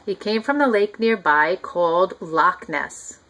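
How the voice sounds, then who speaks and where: A woman's voice: lowish voice, lively intonation, slow, a bit bright, full character voice. A woman voicing a kindly, folksy uncle as she reads a storybook aloud.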